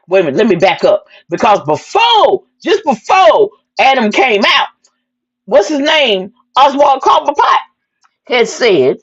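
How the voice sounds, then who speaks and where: A woman hosting a wrestling recap show, telling the action in a sassy, lively way with plenty of "honey" asides and acted-out quotes. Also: high-pitched, unhurried, husky, lo-fi sound. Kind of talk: excited casual wrestling recap.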